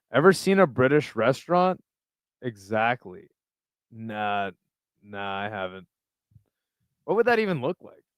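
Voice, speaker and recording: A man's voice: mid-range voice, clear, resonant tone, dry recording, clean studio sound. Casual man reacting to live chat. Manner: laid-back, swears freely, reacts to chat with quick laughs. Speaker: livestream host reading chat.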